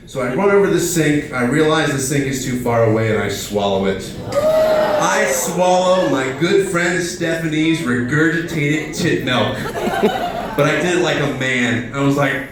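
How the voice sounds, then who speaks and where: A man in his thirties rambles through a self-deprecating stand-up set, full of fillers and restarts. His voice sits a little high for a man. He sounds distant from the mic, with heavy echo from the room around him. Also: very animated, normal speed, crowd noise. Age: 30s. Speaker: stand-up comedian. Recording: very echoey room, mic far off.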